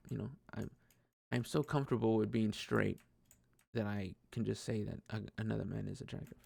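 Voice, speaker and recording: Young male host, heavy vocal fry, lowish pitch, dry close sound; loose rambling personal monologue, laughs and restarts. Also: steady tone, moderate pace, a little mellow, no echo. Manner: rambling, self-deprecating, laughs often, many restarts. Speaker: podcast host.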